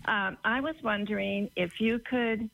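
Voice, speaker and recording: A woman's voice: medium pitch, fairly even intonation, measured pace, creaky, fairly bright tone. A woman calling in with a question, hesitant and searching for words. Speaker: caller. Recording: phone-line caller with hum.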